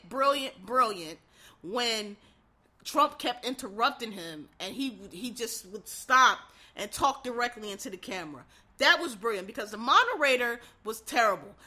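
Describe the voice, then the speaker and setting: A woman giving casual solo commentary, ranting in an animated, rambling way and swearing freely. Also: on the high side. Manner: animated, profane, rambling rant. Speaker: political commentator.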